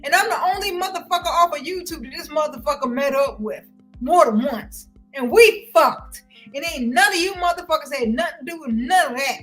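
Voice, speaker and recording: Ranting to viewers on a livestream, a woman with a high, bright voice gets loud, heated, and confrontational, cursing frequently. She speaks a little fast over faint background music, and the audio is poor.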